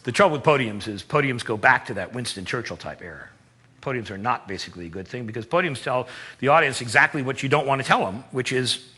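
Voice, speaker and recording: A man giving a presentation-skills seminar in a lively, emphatic, conversational way with playful asides. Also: mid-range voice, fast talker, breathy edge. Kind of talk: live seminar talk. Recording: long hall reverb.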